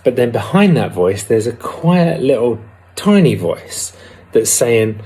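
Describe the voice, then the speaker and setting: A man giving a candid, reflective personal talk about a twelve-step recovery program, pausing now and then to find his words. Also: medium pitch, big pitch swings, mellow, husky. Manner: candid and reflective, with some hesitations. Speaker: recovery vlogger.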